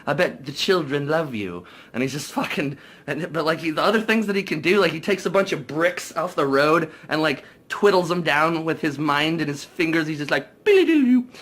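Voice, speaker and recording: Bright-voiced young guy rambling a recap. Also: fairly high pitch, brisk. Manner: profane, excitable, many fillers. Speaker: movie reviewer. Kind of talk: casual rambling movie recap.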